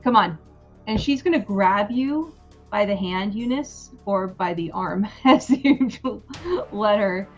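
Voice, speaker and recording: A woman's voice: mid-range voice, animated, slow, dull audio, faint music behind. A woman acting as game master who narrates a tabletop game scene unhurriedly, with many fillers.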